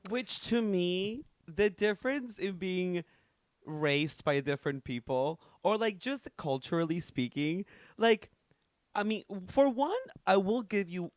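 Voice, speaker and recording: A man with a high, clear voice co-hosts a podcast, teasing his partner and laughing as he talks. His speech is smooth and crisp. The room sound is dry and close. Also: no echo. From Latin American family. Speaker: podcast co-host. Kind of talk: casual chat.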